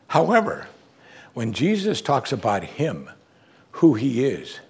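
A middle-aged man preaches with a slightly husky voice. His pitch rises and falls in lively swoops as he drives points home, then drops low and quiet. It is the steady cadence of a pastor at the pulpit. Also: slow pace. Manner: animated, preacherly, swinging from loud emphasis to low quiet. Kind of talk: sermon.

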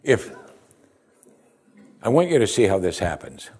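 A man's voice: lowish voice, sing-song, unhurried, a little mellow, slightly rough. A male pastor preaching a sermon in a conversational, expository way, with emphatic rises.

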